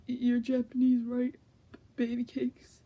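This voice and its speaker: Sans, a woman doing a gruff lazy skeleton. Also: fairly high pitch, phone-quality sound, heavily acted. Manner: slow lazy drawl. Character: lazy flirty male skeleton, gruff and laid-back. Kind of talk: comedic fanfic reading.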